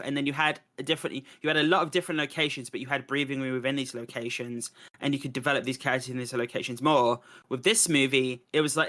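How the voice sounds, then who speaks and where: A man talks through a film review in loose, casual podcast chat, and his voice rings bright and forward. He rambles, circles back and restarts his sentences often, with plenty of fillers between thoughts. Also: medium pitch. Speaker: podcast host.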